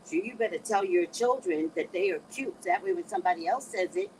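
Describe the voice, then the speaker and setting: Speaking fast in a lowish voice, a middle-aged woman offers casual life advice and motivation. She's animated, quoting others in shifting voices, on a rough recording with slight background noise.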